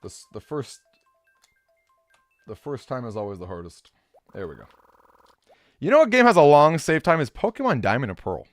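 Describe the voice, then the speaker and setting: A man's voice: medium pitch, wildly swooping pitch, normal speed, long pauses, dry recording, faint music behind. A man streaming a game, chatting casually and rambling with fillers as he answers his chat.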